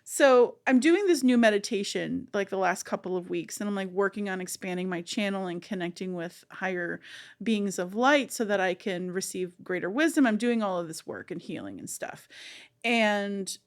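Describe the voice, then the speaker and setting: A woman co-hosting a podcast, telling a long story in casual chat, animated and rambling with many fillers. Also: mid-range voice, normal speed. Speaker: podcast co-host.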